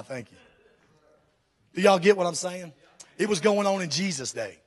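A man preaches to his congregation, his voice pitched high for a man. He is fervent and emphatic and keeps putting questions straight to the church. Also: animated, normal speed, pauses often. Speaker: pastor. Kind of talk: sermon.

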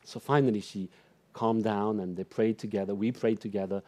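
A middle-aged man preaching a sermon in church, swinging between loud emphatic declarations and soft, near-whispered lines. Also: lowish voice, fairly even intonation, normal speed. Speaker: pastor.

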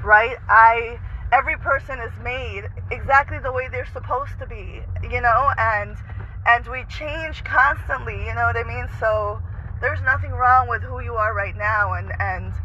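Man, high bright voice, chatty car vlog, drops in Spanish words, muffled audio with faint road noise. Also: measured pace. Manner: chatty, mixes Spanish words, swears freely. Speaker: artist vlogger. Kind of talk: casual monologue to camera. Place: in a car, driving.

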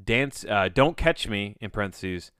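Low, smooth-voiced man rambling on a podcast. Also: animated, a little slow, fairly bright tone, no room sound, clean studio sound. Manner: rambling, offhand, self-interrupting. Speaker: podcast host. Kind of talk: casual solo podcast monologue.

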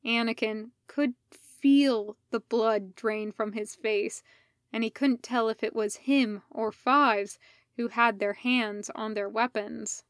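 A woman reading a fan fiction story aloud as narrator, slow and deliberate. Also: fairly high pitch, steady tone, no echo, studio quality. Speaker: podfic reader.

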